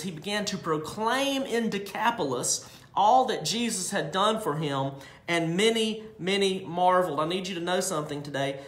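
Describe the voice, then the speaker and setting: High-voiced preacher in an echoey room. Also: male voice, animated, a bit bright. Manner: emphatic, drawn-out scripture reading with asides. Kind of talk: sermon.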